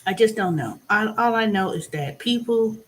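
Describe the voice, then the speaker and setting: A woman hosting her own vlog, giving a blunt, profane monologue that swings between loud bursts and low asides. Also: lively intonation, normal speed. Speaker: vlog host. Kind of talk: casual ranting monologue.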